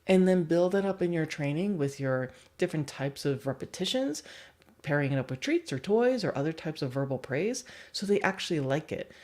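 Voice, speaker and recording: A woman's voice: low-pitched, animated, normal speed, darkish tone. A woman dog trainer giving a chatty livestream teaching talk and laughing often.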